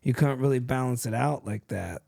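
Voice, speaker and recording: A man telling wild stories in casual chat, animated and laughing as he acts out other people's lines. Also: mid-range voice, moderate pace, creaky, dry recording.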